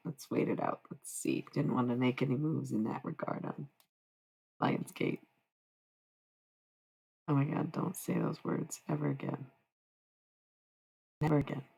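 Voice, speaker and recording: A woman's voice: rumbling low, vocal fry, breathy edge. A woman livestreaming in casual chat, talking candidly with frequent profanity and self-mocking humor.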